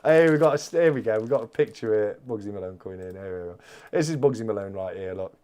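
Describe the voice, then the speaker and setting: Animated, gushing man. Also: on the low side, fast. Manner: effusive, exclaiming and gushing. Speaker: channel host. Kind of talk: live-stream unboxing chat.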